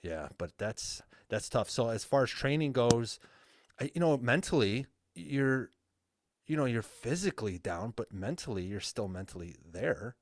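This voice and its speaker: A man's voice: mid-range voice, animated, unhurried. A man speaking as a guest coach in a casual podcast interview, earnest and open in a plain-spoken way.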